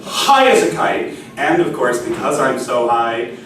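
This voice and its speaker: A man tells a comic personal story on stage, slowly and with lively swings in pitch. His delivery is animated and self-mocking. The sound is echoey and heard from afar, with music in the background. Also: distant mic, noisy background. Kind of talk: live stage storytelling with songs.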